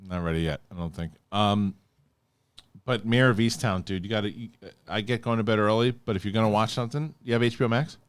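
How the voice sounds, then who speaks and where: A middle-aged man co-hosting a podcast, telling rambling, animated stories with restarts and casual swearing. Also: lowish voice, brisk, clear, resonant tone, no echo. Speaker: podcast co-host. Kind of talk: casual chat.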